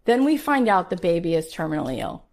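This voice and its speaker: A woman's voice: fairly low pitch, sing-song, fast, a little mellow. A woman in her forties hosting a podcast, telling a personal story in an emphatic, motivational way and asking rhetorical questions. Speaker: podcast host.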